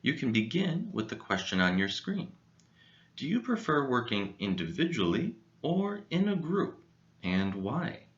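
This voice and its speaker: A man presenting a scripted English vocabulary lesson, speaking clearly and deliberately and sounding out each syllable. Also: mid-range voice, very animated, dull audio. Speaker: English teacher.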